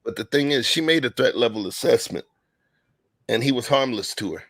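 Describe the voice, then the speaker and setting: A man's voice: mid-range voice, expressive, a little fast, fairly bright tone, no room sound. A man co-hosting a talk show, giving emphatic, slangy commentary in a casual chat. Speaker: podcast co-host.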